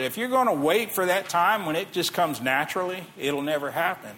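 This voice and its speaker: A man's voice: high voice, a little fast, hardly any pauses, fairly bright tone, a little hiss or hum. A middle-aged man preaching a sermon in a conversational way, reading scripture aloud and asking the listeners questions. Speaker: pastor.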